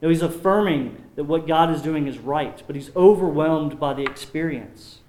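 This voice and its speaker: Pastor guy preaching, earnest and slow-building, voice a bit on the high side, room echo all around. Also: a little mellow, slight background noise. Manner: earnest, measured preaching with solemn drops in volume. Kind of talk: sermon. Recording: roomy echo.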